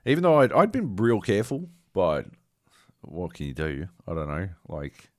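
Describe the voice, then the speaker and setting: A man's voice: sits low, huge pitch swings, moderate pace, darkish tone, no echo, clean studio sound. A man co-hosting a podcast, telling a rambling, profane story with dramatic quoted asides, still carrying a slight cough. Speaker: podcast co-host. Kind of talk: casual chat.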